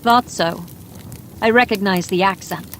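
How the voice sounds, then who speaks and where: A woman voicing a wary, sharp-tongued woman who lives in the forest, blunt and teasingly wry, in a bedtime mystery audiobook. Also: mid-range voice, measured pace, slight background noise, natural voice.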